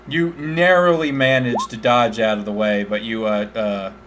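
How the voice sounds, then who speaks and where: A man runs a tabletop game, describing the action in an easygoing, halting way. His narration wanders through fillers and restarts, with a faint hiss underneath. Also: medium pitch, fairly even intonation. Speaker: game master.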